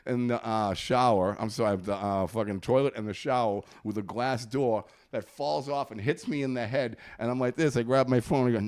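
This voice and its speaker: A man's voice: mid-range voice, fairly even intonation, fairly quick, few pauses, a little mellow. A man telling a long profane story in casual podcast chat, laughing often. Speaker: comedian guest.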